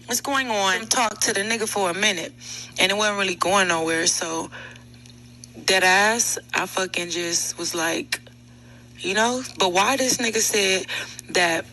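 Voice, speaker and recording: A woman in a heated argument on a live audio room, loud, taunting and full of profanity. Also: high voice, poor audio.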